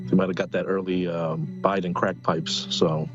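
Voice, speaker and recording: A man co-hosting in casual chat, agreeing in a halting, laid-back way. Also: low voice, flat delivery. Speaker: co-host. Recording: muffled lo-fi with music behind.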